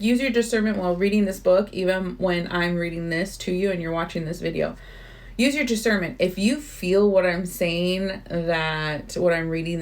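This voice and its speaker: A woman hosting her own channel, reading a spiritual book aloud and breaking off for earnest, informal, chatty commentary. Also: on the low side.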